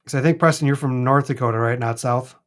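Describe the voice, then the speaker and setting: A man with a Minnesota accent chatting casually as co-host of a live stream, rambling and animated. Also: medium pitch, fast. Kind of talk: casual chat. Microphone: streaming mic.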